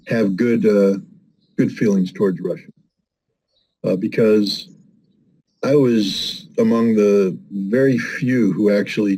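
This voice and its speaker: Here an older American guest in a conversation delivers emphatic, argumentative commentary in a warm, fairly low voice. He acts out the voices he quotes, captured on a low-quality recording.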